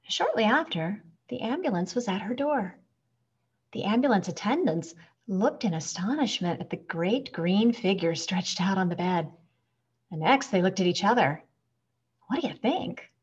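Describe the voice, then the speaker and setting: Woman reading a storybook with lively expression. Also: mid-range voice, moderate pace, husky, lo-fi sound. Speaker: storybook reader. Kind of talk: picture book read-aloud.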